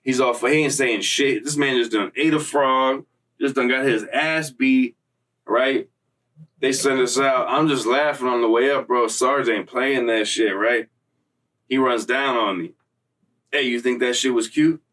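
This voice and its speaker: A man's voice: mid-range voice, measured pace, fairly bright tone, far from the mic, rough recording. A young man casually telling a story in streetwise slang, profane, loose and rambling, recorded slightly off-mic.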